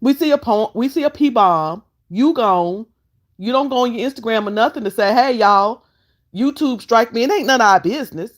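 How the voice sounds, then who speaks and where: Sassy, animated woman vlogger. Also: on the high side, fairly quick. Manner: sassy, fussing, talks straight to chat. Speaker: vlogger host. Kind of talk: casual live-stream commentary.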